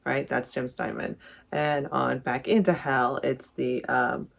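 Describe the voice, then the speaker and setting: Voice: mid-range voice, little pitch movement, slow, creaky, a bit bright. A vlogger ranking songs in casual, rambling commentary, correcting themselves often and gushing about favorites. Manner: rambling, self-correcting, enthusiastic. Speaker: music reviewer vlogger.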